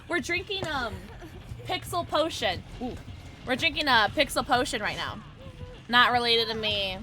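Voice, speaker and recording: A woman streaming live from home, chatting with viewers and reacting to her game in playful slang. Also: fairly high pitch. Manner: bubbly, playful slang, talking to chat. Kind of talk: live gameplay commentary with chat.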